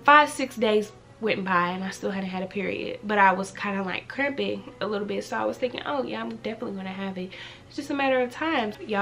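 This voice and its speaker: A woman in her twenties telling a personal story in a casual, chatty way, full of "like" and repeats. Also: mid-range voice. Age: 20s. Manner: animated, chatty, heavy use of "like". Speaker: vlogger.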